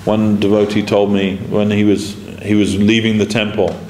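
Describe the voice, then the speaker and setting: At a moderate pace and with little pitch movement, a man with a low, slightly mellow voice teaches an informal devotional class, recounting anecdotes, dramatizing their dialogue, and chuckling. He's a spiritual teacher in an echoey temple lecture room with faint background noise.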